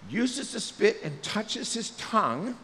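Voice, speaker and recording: High-pitched, animated male pastor preaching. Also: takes it slowly, in a large hall, slight background noise. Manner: lively, joking, acts out quotes in voices. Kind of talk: sermon. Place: church sanctuary.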